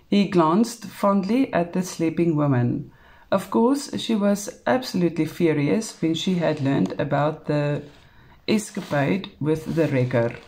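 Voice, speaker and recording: A woman with a South African English accent, calmly reading a novel aloud, unhurried, with small slips. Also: sits low. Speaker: storybook reader.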